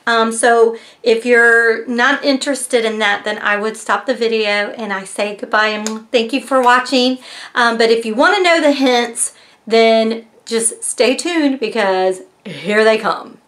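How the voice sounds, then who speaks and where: A woman's voice: a little high, steady tone, a little slow, fairly bright tone. A woman chatting casually as she reviews a mystery box, retelling its story with lots of fillers. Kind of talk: casual chat.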